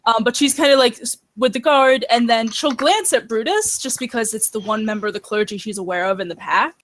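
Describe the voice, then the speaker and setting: Woman, tabletop player, hesitant, filler-heavy, higher-pitched. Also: a little fast, a bit bright. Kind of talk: casual tabletop play.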